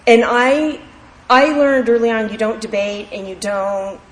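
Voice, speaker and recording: A woman's voice: on the high side, a little slow. A woman candidly sharing her personal recovery story at a meeting, in a heartfelt storytelling manner. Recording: echoey hall with faint background noise.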